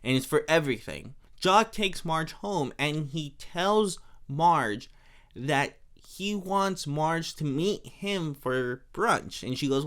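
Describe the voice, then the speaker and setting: A man's voice: a little high, animated, slow pace, fairly bright tone. A young man hosting a podcast, recapping an episode in a casual, rambling, chatty way with plenty of fillers. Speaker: podcast host.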